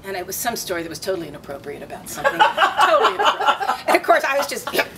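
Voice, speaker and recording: An older woman telling stories in a casual interview, animated and laughing as she acts out voices. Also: medium pitch, rapid-fire, far from the mic, heavy background noise.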